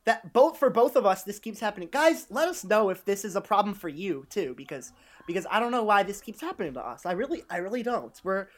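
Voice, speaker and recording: A woman's voice: medium pitch, fairly quick. A young woman co-hosting a casual podcast, joking goofily and laughing often. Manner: goofy, laughing, playful deadpan jokes. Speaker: podcast co-host. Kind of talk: casual chat.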